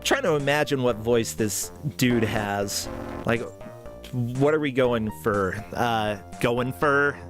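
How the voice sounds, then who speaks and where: A man's voice: medium pitch, slow pace, over music. A man commentating a game stream in casual, self-deprecating banter. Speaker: tournament commentator.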